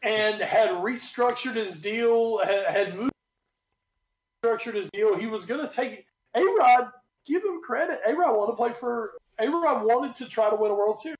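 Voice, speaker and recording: A man co-hosting a sports podcast, talking in animated, rambling casual chat and swearing freely. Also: extremely high pitch, moderate pace. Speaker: podcast co-host. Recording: roomy echo.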